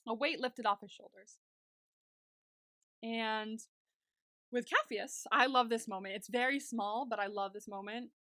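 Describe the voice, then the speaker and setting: A woman's voice: fairly high pitch, measured pace, long pauses, pushed and bright, dry recording, clean studio sound. A young woman co-hosting a podcast, chatting casually and gushingly while recapping a TV episode, saying "like" a lot. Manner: gushing, chatty, heavy use of "like". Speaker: podcast co-host.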